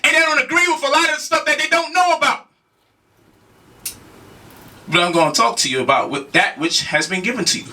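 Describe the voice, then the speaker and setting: Very high-pitched, bright, emphatic man. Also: a little fast, pauses often, recorded from a distance. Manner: emphatic, repeats rhetorical questions, casual slang. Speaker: speaker challenging a debate opponent. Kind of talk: heated spoken lecture.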